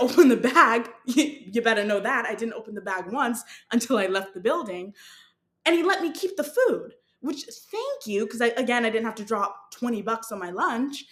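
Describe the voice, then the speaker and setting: A woman's voice: on the high side, moderate pace. Chatty young woman with roomy echo. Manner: chatty, animated, self-mocking, laughs often. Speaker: podcast host. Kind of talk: casual storytelling monologue.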